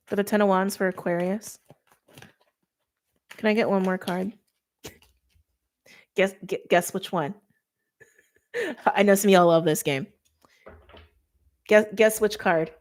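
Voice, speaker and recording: A woman giving a casual tarot reading straight to her viewers, chatty and informal, with quick laughs and lots of "like". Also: mid-range voice. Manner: talks straight to viewers by sign. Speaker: tarot reader.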